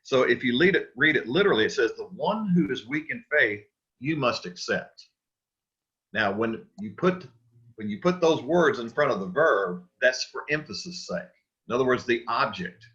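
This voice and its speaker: A man's voice: mid-range voice, animated, moderate pace, fairly bright tone, muffled recording. A man teaching a church Sunday school class, talking casually with restarts and questions to the group. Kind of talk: Bible study lesson.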